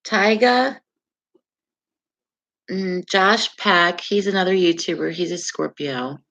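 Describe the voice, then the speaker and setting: A woman's voice: fairly low pitch, slow, creaky, fairly bright tone. A middle-aged woman hosting a casual astrology live stream, chatting with viewers, reacting to their comments and laughing often. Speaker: livestream astrology host.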